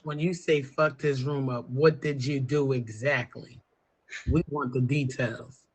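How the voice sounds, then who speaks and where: A man's voice: medium pitch, steady tone, unhurried, slightly rough. A man hosting an interview, asking probing and joking questions in casual slang. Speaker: interviewer host.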